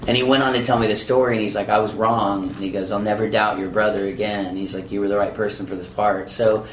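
A man, a voice actor, telling lively anecdotes in an interview and acting out the people he quotes. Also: fairly low pitch, fast, a little hiss or hum. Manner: animated, acts out quoted voices. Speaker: voice actor guest. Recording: echoey room with faint ambience.

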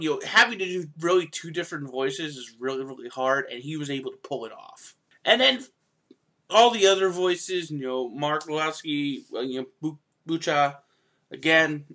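A man's voice: fairly high pitch, sharp tone. A man giving a casual, rambling spoken review of a dub's voice cast, with frequent fillers and restarts. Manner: rambling, with fillers and self-corrections. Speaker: anime reviewer.

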